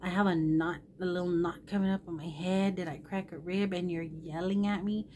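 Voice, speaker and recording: A middle-aged woman with a somewhat low voice tells her followers a personal story. She rambles and circles back, candid and emotional. A faint background noise hums under her words. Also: fairly even intonation, moderate pace, mellow. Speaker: vlogger.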